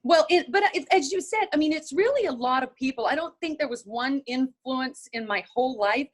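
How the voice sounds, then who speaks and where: A middle-aged woman with a Southern US accent, her voice sitting a little high for a woman. She is a guest on an interview show, recounting her television career in an animated way and slipping into the voices of the people she quotes. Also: brisk. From North Carolina. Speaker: guest, television writer and presenter. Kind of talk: casual interview storytelling.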